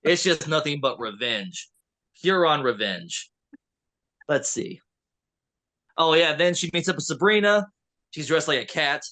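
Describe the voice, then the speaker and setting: A man's voice: a little high, animated, unhurried, pauses often, pushed and bright. A man in his thirties chatting on a podcast, animatedly retelling a story and slipping into quoted character voices. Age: 30s. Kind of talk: casual podcast recap chat.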